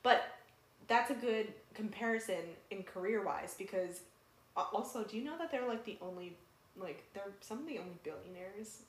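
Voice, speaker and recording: A woman's voice: medium pitch, lively intonation, normal speed. A young woman co-hosting a podcast in casual, chatty talk, with frequent fillers and laughs. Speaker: podcast co-host. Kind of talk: casual chat. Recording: roomy echo.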